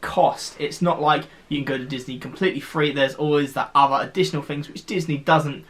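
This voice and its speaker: A man with a somewhat higher voice than most men talks straight to camera. His explanation is chatty and loose, full of restarts and asides, like a vlogger walking viewers through the fine print. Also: fairly even intonation, brisk. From United Kingdom.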